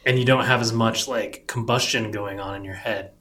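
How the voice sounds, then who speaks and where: A man co-hosting a casual talk show about design work, rambling and relaxed with lots of fillers. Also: fairly low pitch, normal speed. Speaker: podcast co-host, designer. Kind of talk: casual chat.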